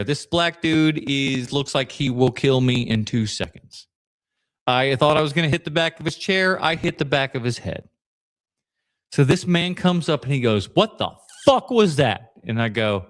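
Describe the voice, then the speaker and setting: A man hosting a podcast, chatting casually and telling long rambling stories with fillers and laughs along the way. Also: medium pitch. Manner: rambling storyteller, laughs mid-story, many fillers. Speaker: podcast host.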